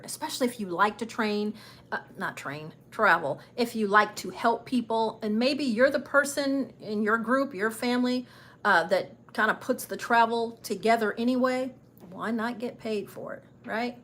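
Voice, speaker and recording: A woman's voice: a little high, sharp tone. A woman hosting her own travel channel livestream, chatting and encouraging viewers in a casual, upbeat way with frequent laughs. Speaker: travel channel host and travel agent.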